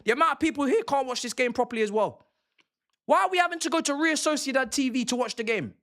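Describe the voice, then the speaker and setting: Young football streamer, furious and sweary, high bright voice. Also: male voice, animated, fast talker. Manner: angry, profane, repetitive ranting. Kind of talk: ranting live stream.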